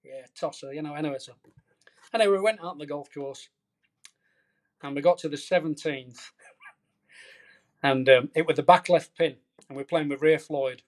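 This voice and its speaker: Middle-aged male caddie, a lively raconteur with a slightly high voice, telling stories in a podcast interview. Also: normal speed, pauses often. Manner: animated, colorful storyteller. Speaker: veteran golf caddie, podcast guest. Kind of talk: storytelling anecdote in a podcast interview.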